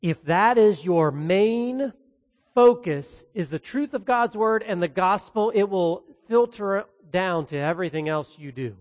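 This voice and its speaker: A man's voice: high-pitched, animated, unhurried, long reverb tail. A man, a pastor, preaching an expository sermon in an earnest way, mixing in casual asides.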